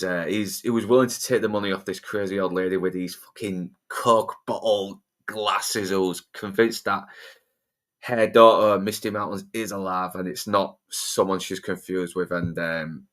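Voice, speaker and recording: A man talking through a film in a casual podcast chat with a lowish voice. He rambles, swears constantly and keeps restarting his sentences. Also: pushed and bright. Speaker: podcast co-host.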